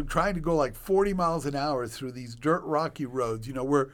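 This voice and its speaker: Guest, male, 60s, slightly high voice, animated podcast storyteller. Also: normal speed. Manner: animated storyteller with sound effects. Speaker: guest physician.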